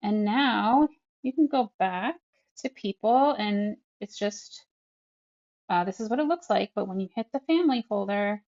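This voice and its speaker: Animated and at a measured pace, this woman's mid-range, somewhat mellow voice comes through on dull audio. She's a speech therapist chatting her way through an app tutorial, describing every tap with frequent fillers.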